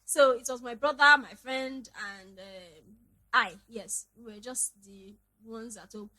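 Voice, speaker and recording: A young woman with a Nigerian English accent, hosting a podcast and telling a personal story in an animated, dramatic way. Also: on the high side, a little slow, poor audio. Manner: animated, dramatic, laughing retelling. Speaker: podcast host. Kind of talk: casual storytelling monologue.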